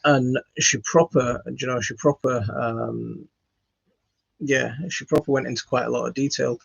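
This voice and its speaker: A West Yorkshire man hosts a home gardening channel, chatting casually to camera from an indoor home studio, rambling and self-deprecating with many fillers and restarts. His medium-pitched voice is fairly even, measured, creaky and a bit breathy. Recorded on a phone with no echo, the audio is dull and lo-fi.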